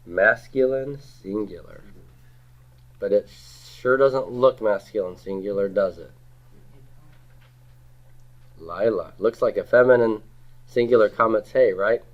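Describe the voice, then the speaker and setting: A man's voice: on the low side, slow, long pauses. A man teaching a grammar class, asking students questions, repeating their answers and leading them in saying words aloud. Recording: slightly dull lo-fi classroom recording.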